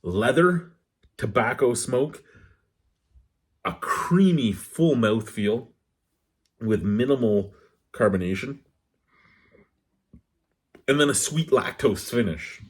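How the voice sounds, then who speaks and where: A man's voice: mid-range voice, lively intonation, takes it slowly, pauses often, slightly rough. A man reviewing a beer in a casual vlog, rambling off-topic, talking with his hands. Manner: rambling, digressive, candid.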